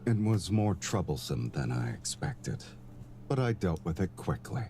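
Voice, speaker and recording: A suave, teasing romantic lead. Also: male voice, low-pitched, sing-song, unhurried, warm tone, slight background noise. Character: suave, teasing, affectionate adult man. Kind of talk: dubbed game dialogue.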